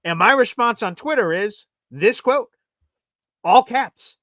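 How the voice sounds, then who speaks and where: A man's voice: extremely high pitch, animated, slow pace, a bit bright, no echo. A man hosting a sports talk show, emphatic and exasperated, often acting out his own reactions.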